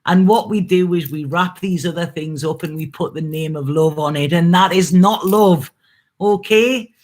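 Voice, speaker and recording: A woman's voice: on the low side, normal speed, darkish tone. A woman who reads tarot, talking to her viewers in a casual, earnest live stream about love and purpose, laughing easily and swearing now and then. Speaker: tarot reader hosting a live reading.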